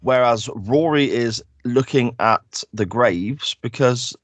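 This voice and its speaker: A man's voice: mid-range voice, takes it slowly, dry recording. A man co-hosting a casual podcast, recapping loosely with tag questions and fillers. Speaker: podcast co-host. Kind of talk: casual chat.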